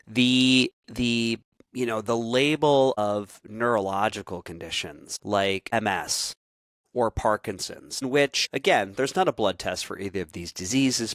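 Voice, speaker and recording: A man hosting a podcast, asking a guest a question in a measured, courteous way. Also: fairly low pitch, a bit bright, no room sound, clean studio sound. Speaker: podcast host. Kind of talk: interview questions.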